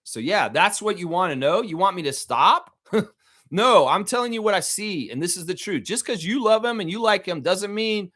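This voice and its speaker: Male fan-show host, lively swooping delivery, heated and profane rant, slightly high voice. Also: moderate pace. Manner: animated, profane, indignant.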